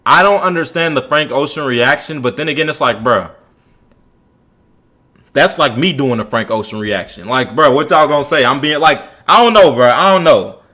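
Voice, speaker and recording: Bright-voiced young streamer man. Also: medium pitch, animated. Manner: slangy, repetitive, drawn-out filler. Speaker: streamer reacting to a video. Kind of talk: casual reaction commentary.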